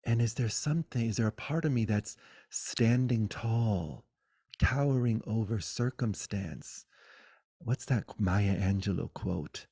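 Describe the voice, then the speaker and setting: A middle-aged man giving a guided spiritual talk over a video call, swinging between loud exclamations and soft, hushed musing, swearing playfully. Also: on the low side, normal speed, creaky, husky, dry recording, clean studio sound. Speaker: spiritual teacher.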